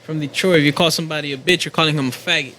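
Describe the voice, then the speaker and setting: A man's voice: a little high, rapid-fire, slight background noise. A man with a Miami accent telling profane army stories in casual chat. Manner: profane, animated storyteller.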